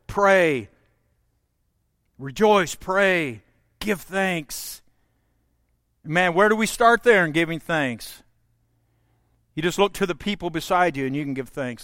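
A man preaching a sermon, folksy and direct with his congregation, swinging between loud proclaiming and hushed, intimate stretches. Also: high voice, slow, long pauses, no echo, clean studio sound. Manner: folksy, talks straight to the congregation. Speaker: pastor.

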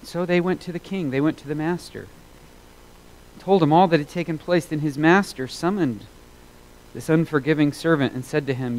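A man preaching a sermon as a pastor, earnest and emphatic, repeating phrases for weight and moving between loud and hushed delivery. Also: mid-range voice, moderate pace, rough recording.

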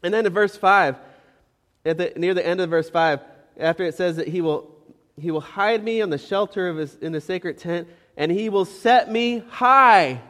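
High-voiced male pastor in an echoing hall. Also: moderate pace, a bit bright. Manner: emphatic, repeats words for stress, asks the congregation questions. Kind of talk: sermon. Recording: long reverb of a hall.

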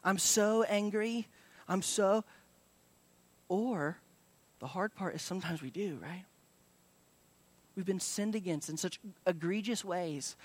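A young adult male pastor preaching a sermon in a casual, conversational way, with many fillers and restarts. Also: sits high.

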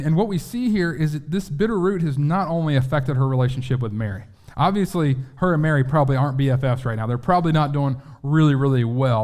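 A man's voice: mid-range voice, a little mellow. A man preaching a sermon in a conversational way, acting out quotes and often restarting his sentences.

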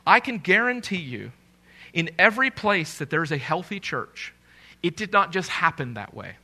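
Man, pastor, live church sermon, lively swooping pitch, playful asides. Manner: animated, joking with the congregation, repeats key phrases slowly for emphasis. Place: church sanctuary, live preaching.

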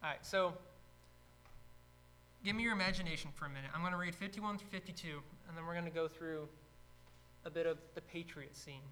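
A man teaching a casual Bible study, retelling stories with energy and acting out shouted lines. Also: a little high, fairly even intonation, a little fast, long pauses, a little hiss or hum, poor audio.

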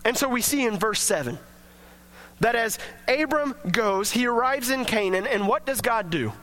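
A man preaching a sermon to a church congregation, emphatic and energetic. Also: extremely high pitch, normal speed. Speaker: pastor.

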